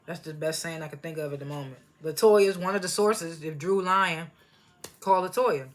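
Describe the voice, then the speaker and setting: A woman's voice: low voice, moderate pace. A woman giving a casual, rambling recap of a reality show, loose and slangy, often laughing at herself. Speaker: TV show reviewer. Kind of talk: casual chatty recap commentary.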